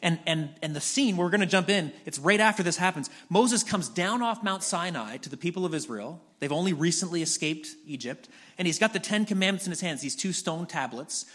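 Conversational pastor, man, slightly high voice. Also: animated, a little fast, hardly any pauses. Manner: conversational storytelling with frequent restarts; drops to soft low voice in prayer. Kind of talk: sermon.

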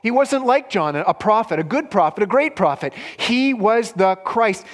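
Guy preaching a sermon, high-ish voice, emphatic, drops quiet then punches up. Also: lively intonation, normal speed, hardly any pauses, big-room sound. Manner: earnest, emphatic preaching with sharp shifts between loud and hushed. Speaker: pastor.

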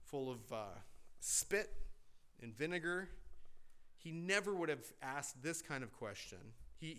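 A pastor preaching a sermon in a church, emphatic and deliberate, with rhetorical questions. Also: male voice, fairly high pitch, bright, forceful tone.

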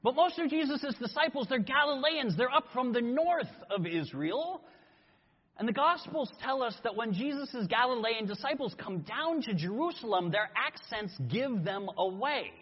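A man preaching a sermon, telling a story in an animated way and acting out voices. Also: very high voice, normal speed, husky. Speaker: pastor. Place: church sanctuary. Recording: echoey hall, dull lo-fi sound.

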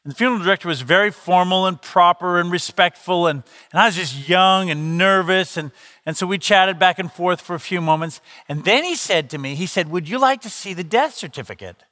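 A male pastor preaching with a high, bright voice and lively storytelling. His words ring out with a long reverb, as if in a large church hall. He is middle-aged and talks to the congregation in a casual, conversational way. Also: fairly quick. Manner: conversational, animated storytelling with quoted dialogue. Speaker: lead pastor. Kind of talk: sermon with storytelling.

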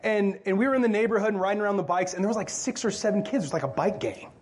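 A man's voice: high-pitched, racing, slight background noise. A male pastor preaching a sermon in church in a loose, joking, conversational way, often asking the crowd questions.

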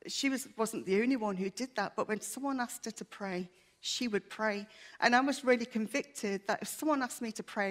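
Earnest woman sharing testimony. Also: mid-range voice. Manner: candid, chatty and self-deprecating; earnest and emotional. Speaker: church member giving testimony. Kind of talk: personal testimony to a congregation. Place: church.

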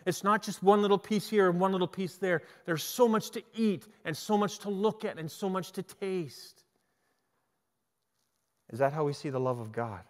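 A middle-aged man preaching a sermon, telling stories in an animated way and often restarting his sentences. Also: high voice, moderate pace. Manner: animated storytelling with repeated restarts. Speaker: pastor. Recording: long hall reverb.

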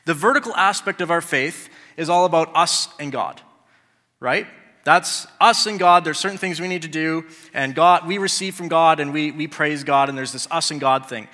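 Bright-voiced man preaching in a hall. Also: a little high, normal speed. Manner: conversational, with rhetorical questions. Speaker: pastor. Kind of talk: sermon.

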